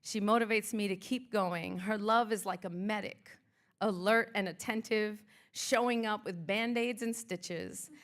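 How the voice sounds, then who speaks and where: Speaking at medium pitch with a steady tone and measured pace, this woman performs spoken word live at an art museum event space. As a motivational speaker, she guides the crowd through rhythmic, declarative affirmations.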